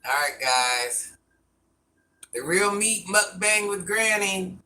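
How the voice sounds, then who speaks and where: An older woman streams a mukbang, chatting casually with viewers as she eats and savors her food. Her medium-pitched voice is slow and sharp with lively intonation. The mic is distant, with faint background noise.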